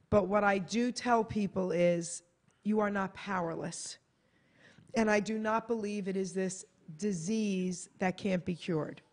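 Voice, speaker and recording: An American woman, a guest author on a radio talk show, chatting casually and acting out quotes as she tells a story. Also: medium pitch. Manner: animated, acts out quotes in a bright voice. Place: radio studio.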